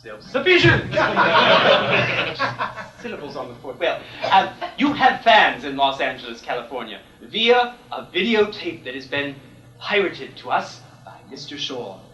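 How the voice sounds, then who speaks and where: Catty drag lady host, played by a man, high and campy, live in an echoey theatre. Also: very animated, measured pace, pushed and bright, exaggerated voice. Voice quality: campy, mock-refined delivery. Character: grand, arch drag lady host, mock-genteel and catty. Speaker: comic host before a live audience. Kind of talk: live stand-up comedy. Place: large theatre stage with live audience. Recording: fuzzy 1980s VHS air check, roomy and distant.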